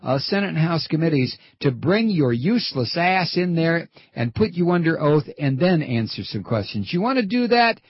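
A man tears into his target in a furious, profane broadcast rant, taunting and jeering as his voice climbs. His tone is husky and a little raised in pitch. The audio sounds dull and dry. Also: expressive, normal speed, hardly any pauses, no echo. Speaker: political commentator. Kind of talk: angry on-air rant.

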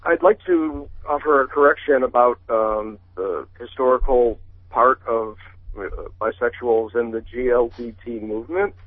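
A man's voice: medium pitch, normal speed, husky, no room sound. A man calling in to a radio show, speaking hesitantly with many ums. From Connecticut, US. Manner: hesitant, full of ums while correcting. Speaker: caller. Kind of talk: call-in radio comment. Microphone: telephone. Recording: tinny dry phone line.

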